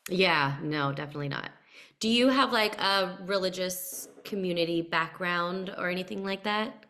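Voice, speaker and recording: A woman's voice: fairly low pitch, normal speed, sharp tone. A woman co-hosting a podcast, chatting casually about a film and filling her sentences with "like". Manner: chatty, leans on "like" as a filler. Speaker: podcast co-host.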